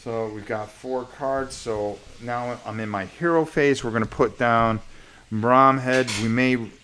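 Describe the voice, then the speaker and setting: Sore-voiced male stream host, unhurried, rules-checking chatter. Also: mid-range voice, steady tone, a bit bright, a little hiss or hum. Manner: thinks aloud, checks rules, mutters to himself. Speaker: host playing a solo board wargame on a live stream. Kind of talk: casual live-stream gameplay commentary.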